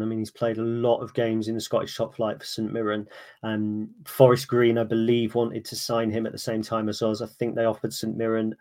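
A man's voice: on the low side, darkish tone. A man talking as a guest on a casual podcast, chatty and full of restarts. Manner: chatty, many restarts, laughs easily. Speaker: podcast guest, fan of the opposing club.

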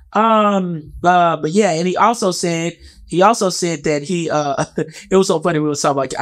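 A man in his thirties, a comedian giving casual reaction commentary, animated and profane, stumbling over repeated fillers. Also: a little high. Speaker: comedian and actor commenting on an interview.

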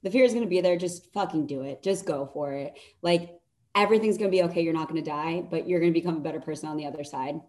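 A woman guesting on a podcast, giving blunt, energetic motivational advice and swearing for emphasis. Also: low voice, quick pace. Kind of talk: casual motivational chat.

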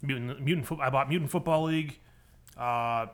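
Male co-host with a bright, sharp tone and a joking, teasing manner. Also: medium pitch, brisk. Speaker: podcast co-host. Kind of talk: casual chat.

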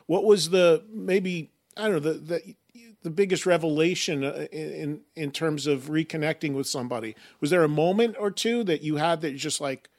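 A man's voice: on the high side, normal speed. A man hosting an interview, asking long questions that circle and repeat words. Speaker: podcast host, interviewer.

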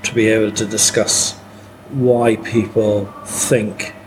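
Man, measured hesitant podcast talk, steady background noise audible. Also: lowish voice, low-quality recording. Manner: measured, hesitant with many uhs. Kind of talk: casual podcast chat.

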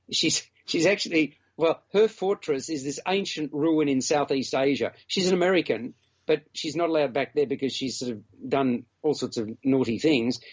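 A man in casual podcast chat, rambling and teasing as he talks a film through. His voice sits a little high and sounds dull and lo-fi. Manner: chatty, teasing, talks in long run-on stretches. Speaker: film reviewer co-host.

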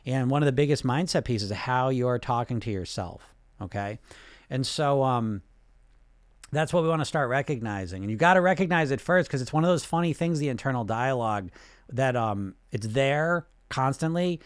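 A man giving an instructional talk as a weight loss coach. He speaks conversationally, often checking in with tag questions. His pitch is middling and the sound is dry and close. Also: no echo.

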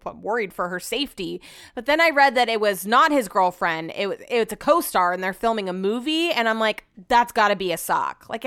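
A woman's voice: medium pitch, fairly bright tone, clear, resonant tone, no echo, clean studio sound. A young adult woman hosting a podcast at home, rambling in casual solo chat and swearing freely. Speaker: podcast host.

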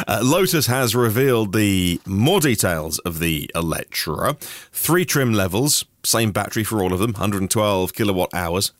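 Chatty low-voiced male news podcaster. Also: expressive, dry recording, studio quality. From Norfolk, England. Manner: chatty, with personal asides and quick reactions. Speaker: podcast host. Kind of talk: daily news podcast roundup.

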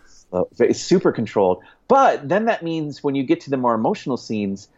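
A man, a guest author, chatting casually in an interview, rambling with restarts and quick laughs. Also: mid-range voice, big pitch swings. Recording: dull lo-fi sound.

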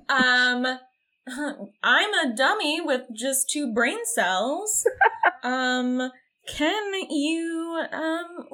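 A woman's voice: sits high, fairly bright tone. A woman playing a tabletop game in character, stammering and calling herself dumb. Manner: stammering, self-deprecating. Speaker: player.

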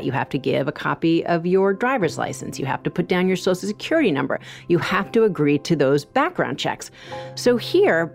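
A woman with a notably deep voice walks listeners through a true crime case in a measured, explanatory tone. Light music plays faintly behind her. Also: darkish tone. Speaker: true crime podcast co-host. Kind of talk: conversational true crime narration.

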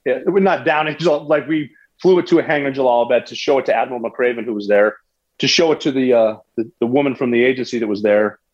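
A man telling a story in a conversational way, animated, with restarts and sports analogies. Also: mid-range voice, fast, muffled recording. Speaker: guest recounting a military raid.

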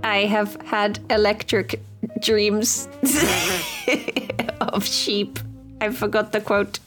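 A woman's voice: mid-range voice, very slow, pauses often, faint music behind. Giggly woman co-hosting a chat. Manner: giggly, laughs often, animated and playful. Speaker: podcast co-host. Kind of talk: casual chat.

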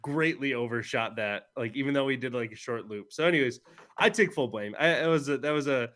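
A man co-hosting a casual podcast, talking in a halting, self-deprecating way. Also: mid-range voice, fairly bright tone. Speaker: podcast co-host. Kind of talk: casual chat.

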